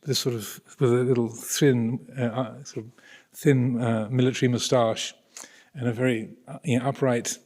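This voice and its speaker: An Englishman in a mid-pitched voice tells a long personal story to an audience. He rambles and hesitates, circling back with restarts and chuckling now and then. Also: level tone, normal speed, darkish tone. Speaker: speaker addressing an audience. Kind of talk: anecdotal spiritual talk.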